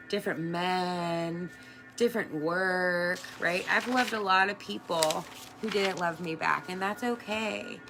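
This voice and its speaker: A woman's voice: fairly low pitch, fairly bright tone. A woman who works as an energy worker and coach, talking earnestly and chattily to her viewers, swearing casually and laughing often. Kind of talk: casual motivational talk to camera.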